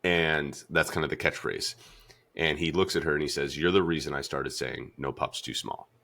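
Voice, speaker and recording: A man hosting a podcast, retelling a story in a casual, animated way with lots of "like" fillers. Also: extremely low pitch, normal speed, vocal fry. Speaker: podcast host.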